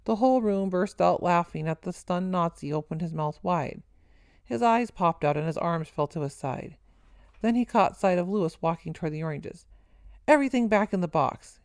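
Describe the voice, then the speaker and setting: A woman narrating a first-person story in a steady, earnest reading voice. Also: fairly low pitch, vocal fry, dry recording.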